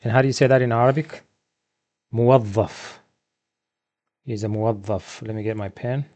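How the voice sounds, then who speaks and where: A man's voice: lowish voice, steady tone, a little mellow. Man teaching vocabulary off slides. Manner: repeats each word slowly, asks and answers himself. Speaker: Arabic teacher. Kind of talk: classroom vocabulary lesson.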